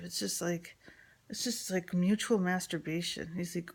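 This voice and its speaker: A woman's voice: on the low side, fairly even intonation, a little slow, creaky, slightly rough. A woman in her forties from New York telling a personal story in a frank, rambling way with lots of fillers and swearing.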